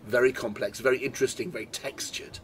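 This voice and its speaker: A man's voice: mid-range voice, steady tone, fast, fairly bright tone, a little hiss or hum. A British man presenting a casual wine tasting on camera, chatty and enthusiastic as he tastes and comments. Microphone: camera mic.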